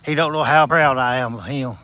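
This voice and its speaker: A Southern-accented livestream host walks outdoors at night with insects audible behind him, chatting folksily and encouragingly to his viewers and calling them by name. His medium-pitched voice is a little fast, pushed and bright, slightly breathless and a bit slurred since he's missing his top teeth. The recording sounds muffled.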